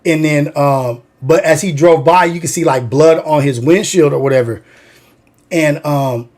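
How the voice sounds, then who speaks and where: A livestream host tells a story in a rambling, profane manner, saying "like" constantly. His voice is a little high and a little mellow, at a normal speed.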